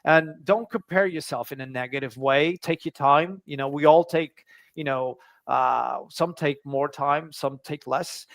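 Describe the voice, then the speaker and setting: A man with a fairly high voice chats as a guest on a video call. He hesitates, restarts and leans on fillers as he talks. The sound is dry and close. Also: a little slow, a bit bright, dry recording. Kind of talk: casual interview chat.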